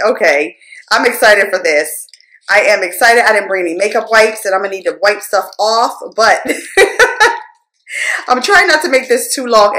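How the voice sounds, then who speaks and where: A woman vlogger with a slightly high voice gushes over gifts as she unboxes them. She speaks straight to her viewers, excitable and eager. The room around her echoes. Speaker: beauty vlogger. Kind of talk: unboxing vlog.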